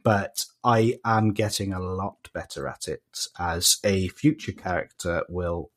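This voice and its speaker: A man's voice: sits low, measured pace. A man with a South Welsh accent, a guest on a casual podcast, talking with many fillers and restarts. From Wales.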